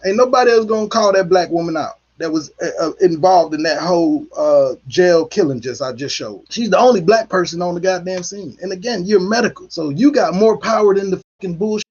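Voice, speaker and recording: A man's voice: sits high, a little fast, hardly any pauses, a little mellow, slightly rough, muffled recording. A man hosting a heated solo commentary, ranting angrily and swearing a lot. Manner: angry, profane ranting. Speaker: political commentary host.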